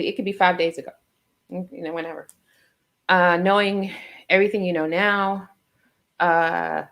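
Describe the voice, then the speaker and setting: Woman, interview host, lowish voice, earnest, rambling, keeps asking "right?". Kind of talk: video call interview.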